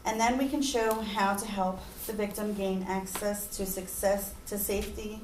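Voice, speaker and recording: A woman's voice: medium pitch, fairly even intonation, moderate pace, darkish tone, a little hiss or hum. Earnest woman, echoey room. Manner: earnest, sometimes emotional. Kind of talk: persuasive speech. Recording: echoey room, mic far off.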